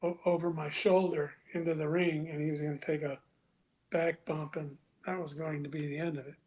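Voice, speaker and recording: A man guest on a podcast, telling a story casually and acting out other people's lines in a louder voice, with some profanity. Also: fairly high pitch, brisk. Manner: animated, acts out quoted dialogue with raised voice; crude, profane.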